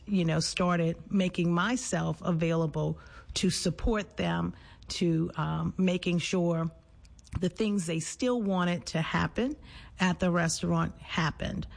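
A middle-aged woman from New Orleans talks through her work in an interview, her voice sitting on the lower side with a gravelly edge. She is thoughtful and measured, often pausing with small fillers before going on. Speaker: nurse and public health administrator. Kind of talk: conversational interview.

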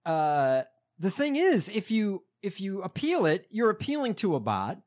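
Animated man in casual chat, fairly high voice. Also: unhurried. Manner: animated, swears freely, rambling asides.

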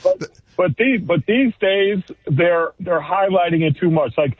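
A man calling in to a radio show, chatting casually and haltingly, repeating words as he starts. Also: high voice, no echo. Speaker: caller. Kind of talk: casual phone-in chat. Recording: tinny phone line.

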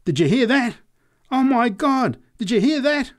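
A man voicing an excitable drunk in a street crowd who shouts and laughs, then turns fearful, pitched well above his own voice. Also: takes it slowly. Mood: mirthful.

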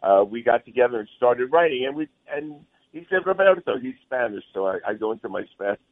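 A man's voice: medium pitch, a little fast. A male musician being interviewed, talking in a rambling, friendly way, heard over a phone line. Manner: rambling, friendly, says "man" often. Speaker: guest musician.

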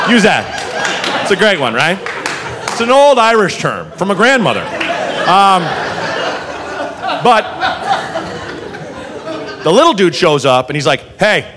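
A man doing stand-up storytelling, animated and profane, acting out the people in his story. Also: sits high, a little slow, pauses often. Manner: animated, profane, acts out characters. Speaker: stand-up comedian. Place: comedy club with live audience. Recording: live club recording with crowd noise.

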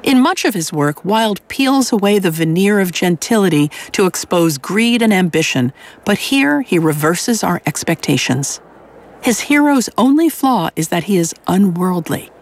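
Brief: female radio host, measured scripted delivery. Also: mid-range voice, expressive.

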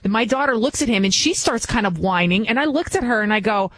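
A woman's voice: fairly high pitch, lively intonation, fast, fairly bright tone. A middle-aged woman from the New York area, filling in as a talk radio host and delivering a blunt, emphatic, mocking opinion monologue.

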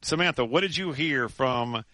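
A man hosting sports radio, telling a story in animated chat full of restarts and laughs. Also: medium pitch, moderate pace, no room sound.

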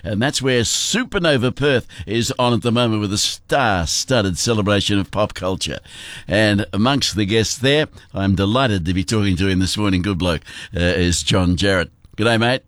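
An older Australian man hosting a weekend radio show, friendly and halting, with lots of fillers. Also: lowish voice, fairly bright tone, no room sound, clean studio sound. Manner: friendly, hesitant with many fillers. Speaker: radio host. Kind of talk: casual radio interview.

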